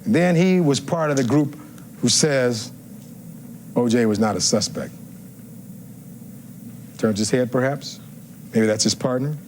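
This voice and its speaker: A man's voice: mid-range voice, measured pace, long pauses, darkish tone, a little hiss or hum. A man giving a courtroom closing argument as defense attorney, reading testimony aloud and firing rhetorical questions at the jury.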